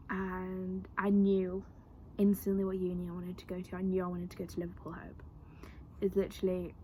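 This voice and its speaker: A woman's voice: mid-range voice, little pitch movement, brisk, a little mellow, slight background noise. A young woman in a personal vlog, telling her story in a chatty, earnest way with lots of fillers. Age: young adult.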